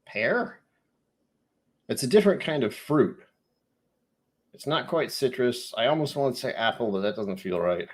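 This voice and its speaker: This host's voice is medium-pitched and expressive, at a moderate pace with frequent pauses. On his live whiskey tasting stream he chats casually, rambles, jokes at himself, and reads viewer comments aloud.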